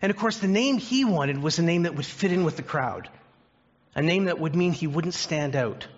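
A man preaching a sermon as pastor, earnest and deliberate, slowing down on key phrases and ending in prayer. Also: a little high, animated, muffled recording.

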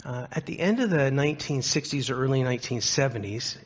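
A man's voice: mid-range voice, brisk, breathy edge. A man preaching a sermon, telling stories and asking the congregation earnest questions. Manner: earnest storytelling with rhetorical questions. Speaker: pastor. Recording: dull lo-fi recording.

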